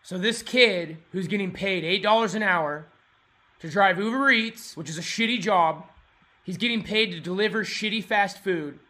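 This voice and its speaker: Young guy prank calling, super high bright voice, losing it and yelling and cussing. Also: normal speed. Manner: furious ranting, cursing and shouting. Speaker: prank caller. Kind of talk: prank phone call.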